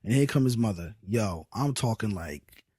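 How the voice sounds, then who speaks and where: Young guy on a podcast, husky voice, swings his pitch all over telling stories. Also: moderate pace, no echo, clean studio sound. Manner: animated storyteller, acts out quoted people. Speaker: podcast co-host. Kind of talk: casual chat.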